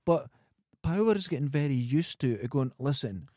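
A Scottish man in easy podcast conversation, mostly agreeing and adding jokes. His voice is warm and mellow, recorded dry and close. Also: fairly high pitch, animated, moderate pace, dry recording. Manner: agreeable, joking, chipping in. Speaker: podcast co-host. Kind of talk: casual chat.

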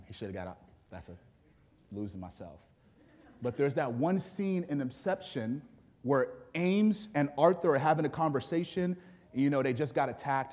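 A man's voice: a little high, darkish tone. A man preaching a sermon as pastor, chatting casually with jokes before building to fervent emphasis. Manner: conversational with joking asides, building to fervent emphasis.

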